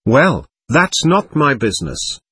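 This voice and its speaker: A man's voice: mid-range voice, huge pitch swings, slow pace, pushed and bright, breathy edge, dry recording, full character voice. A man reading an audiobook, voicing a stern, impatient doctor who speaks curtly and emphatically. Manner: curt, emphatic, offhand. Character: stern, impatient, pompous male society doctor. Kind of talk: audiobook character voice.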